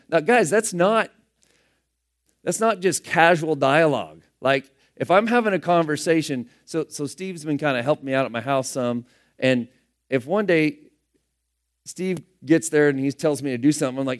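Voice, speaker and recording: A man's voice: a little high, lively intonation, moderate pace. A man preaching a sermon in a conversational way, acting out the scripture dialogue in casual everyday voices. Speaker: pastor.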